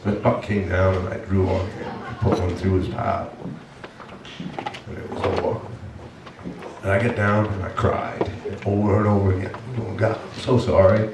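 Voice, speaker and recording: Low-voiced pastor preaching in an echoey church. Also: male voice, little pitch movement, moderate pace, far from the mic, background noise. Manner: storytelling, earnest and emotional. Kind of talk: sermon. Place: church sanctuary. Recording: echoey church heard from afar.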